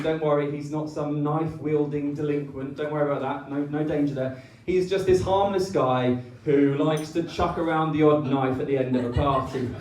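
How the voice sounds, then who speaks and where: A man giving a teasing wedding speech, pausing often with ums. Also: fairly high pitch, darkish tone, a little hiss or hum. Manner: teasing, with many ums and pauses. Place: wedding reception hall. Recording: echoey room, mic from far off.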